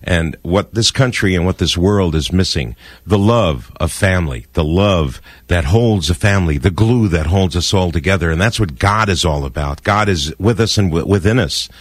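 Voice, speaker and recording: A man's voice: low-pitched, lively intonation, moderate pace, slightly rough, no room sound. An older man hosting a radio show, talking in an effusive, sentimental, rambling way from a studio microphone. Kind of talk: warm casual radio talk.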